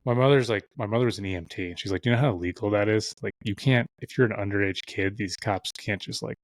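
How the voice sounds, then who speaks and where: Talking fast in a fairly low voice, a young podcast guest spins a long, rambling casual story, heavy on swearing, and mimics what others said. The recording is dry.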